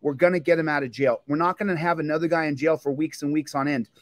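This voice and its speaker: Speaking fast in a slightly high voice with fairly even intonation, the man hosts a livestream where he furiously and repeatedly berates a police department as a police auditor. The audio is clean studio sound with no room noise.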